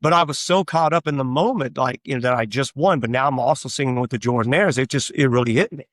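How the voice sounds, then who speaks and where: A man's voice: medium pitch, fast, fairly bright tone, no echo, studio quality. A man being interviewed, telling rambling stories with lots of fillers. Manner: rambling anecdotal storytelling with frequent fillers. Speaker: guest, tribute artist for a famous singer. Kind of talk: casual interview chat.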